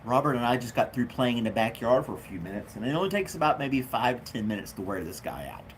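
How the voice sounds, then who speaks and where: Chatty, lively-voiced man hosting a home livestream. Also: medium pitch, fast talker, a little hiss or hum. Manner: chatty, jokey, laughs at his own jokes. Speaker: livestream host. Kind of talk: casual live chat reading comments. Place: at home with his dog.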